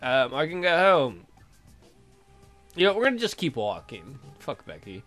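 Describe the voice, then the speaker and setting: A man giving casual let's-play commentary, with swearing banter and sudden loud exclamations. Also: on the high side, wildly swooping pitch, unhurried, soft background music.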